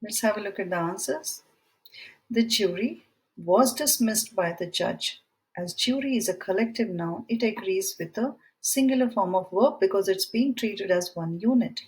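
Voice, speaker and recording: Woman, grammar teacher, very slow measured delivery, clear example sentences. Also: medium pitch, low-quality recording. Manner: measured, explains with examples and reads quiz items aloud. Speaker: English teacher. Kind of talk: slow, deliberate grammar lesson.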